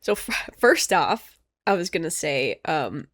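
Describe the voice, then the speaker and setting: A woman's voice: sits low, very animated, measured pace, a bit bright, dry recording, clean studio sound. A woman hosting an anime reaction and discussion, tearful and talking in a casual way. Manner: tearful and emotional, sighing, then thoughtful. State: crying.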